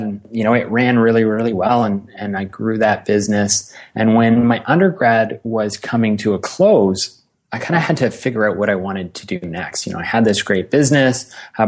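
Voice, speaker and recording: Young man, relaxed conversational guest. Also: fairly low pitch, husky. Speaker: startup employee guest. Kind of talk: casual interview talk.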